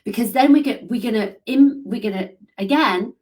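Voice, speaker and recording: A woman's voice: a little high, moderate pace, darkish tone. Upbeat woman coaching. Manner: upbeat and encouraging, reads out comments. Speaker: business coach. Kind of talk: live coaching session.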